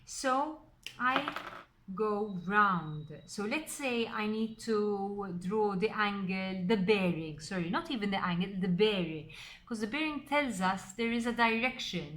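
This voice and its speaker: A woman's voice: mid-range voice, fairly bright tone. A woman, teaching a recorded maths lesson step by step and stressing key words.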